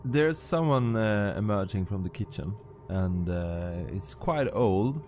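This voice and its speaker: A man's voice: fairly low pitch, expressive, slow pace, a little mellow, slight background noise. A man narrating as game master of a tabletop game, describing scenes with many hesitant uh's.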